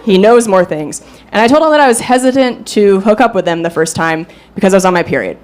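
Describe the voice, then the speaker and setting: A woman in her thirties doing a stand-up comedy set, animated and self-mocking. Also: medium pitch, fast talker. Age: 30s. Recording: live show with crowd laughter. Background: audience laughter.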